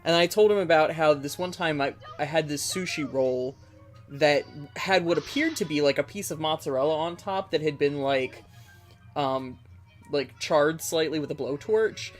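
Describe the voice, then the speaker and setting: A streamer chats casually with the live audience, telling a long, rambling story full of fillers and little laughs. The voice sits at a middle pitch, and faint game music plays underneath. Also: normal speed. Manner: rambling and giggly, with many fillers.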